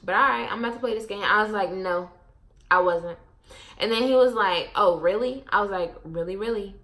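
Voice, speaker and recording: Bright-voiced young woman, brash storyteller. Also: medium pitch, brisk. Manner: blunt, profane, animated storytelling with quoted asides. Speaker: vlogger. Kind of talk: casual storytime chat.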